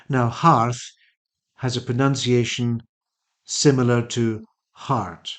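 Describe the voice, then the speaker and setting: A man teaching English pronunciation, saying each model word slowly and carefully, often twice. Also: medium pitch. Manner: careful, patient, clear articulation of each word. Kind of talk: slow, deliberate teaching with repeated model words.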